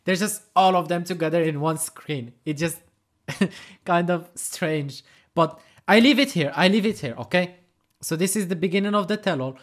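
A man's voice: high voice, moderate pace. Snarky man reacting to reality TV. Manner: snarky, joking asides, laughs often. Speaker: reaction channel host. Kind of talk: casual reaction commentary.

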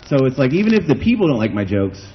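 A man doing stand-up comedy in a backyard, his pitch swinging up and down as he rambles. He runs himself down as he talks and fills his sentences with "like". The recording is slightly muffled, with a faint hiss from the open air behind him. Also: very animated, fast talker. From United States. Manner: rambling, self-deprecating, heavy use of "like". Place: outdoor backyard show.

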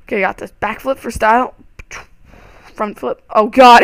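A young man giving excitable, panicky let's-play commentary over a game, full of startled exclamations. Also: sits high, normal speed, clean tone, dry recording. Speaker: gaming channel host.

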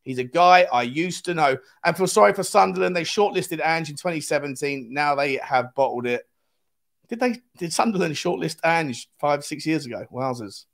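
A man's voice: on the high side, animated, normal speed, vocal fry, fairly bright tone. Chatty man hosting a live stream. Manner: chatty, greets viewers by name, reads chat aloud. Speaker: host of a live fan stream. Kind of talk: casual live-stream chat.

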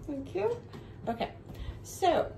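A woman teaching a home video lesson for young children, with a bright sing-song teacher voice that goes slow and clear for the kids. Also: sits high, big pitch swings, a little hiss or hum, low-quality recording.

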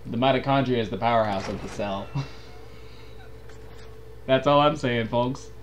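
A man's voice: mid-range voice, measured pace, a little hiss or hum. A man co-hosting a casual let's play, cracking puns and goofy asides. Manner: punning, goofy, lively. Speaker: gaming channel co-host.

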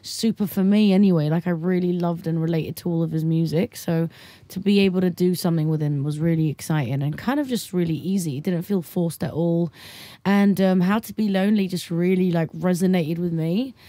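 A woman in her twenties, a pop singer guest in a relaxed radio interview, chatty and laughing often, with lots of "like". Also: fairly low pitch, brisk, no room sound. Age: 20s. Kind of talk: casual radio interview chat.

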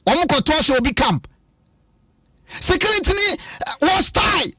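High-pitched Ghanaian preacher, bright voice. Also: male voice, sing-song, moderate pace, no room sound, far from the mic. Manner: preaching with bursts of shouting, mixing Twi and English. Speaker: pastor. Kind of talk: radio sermon. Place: radio studio.

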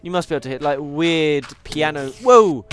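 A man's voice: fairly high pitch, animated, normal speed, soft background music. A tired young man, chatting casually as he plays a game and teases the animals on screen. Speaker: gaming YouTuber. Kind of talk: casual let's-play commentary.

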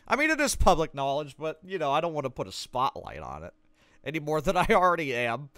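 A man's voice: on the high side, big pitch swings, fast talker, sharp tone, clear, resonant tone, no room sound. A man streaming a game, casually reading a guide aloud with sarcastic joking asides. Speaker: gaming streamer.

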